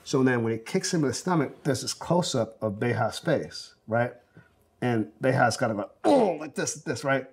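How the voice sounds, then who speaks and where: Brief: 40s male director, mid-pitched, loose storyteller who acts out quotes, lots of ums and you-knows. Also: normal speed, slightly rough. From South Central Los Angeles, USA. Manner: animated storyteller, acts out quotes, many fillers. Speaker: film director interviewee. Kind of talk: oral history interview, anecdotal storytelling.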